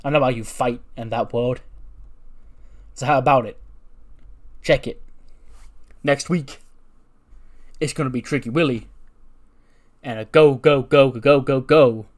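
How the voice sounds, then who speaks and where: A man's voice: medium pitch, unhurried, long pauses, natural voice. A man voicing a brash male wrestler who taunts his rival in a sing-song way. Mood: taunting. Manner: trash-talking, taunting, sing-song chants.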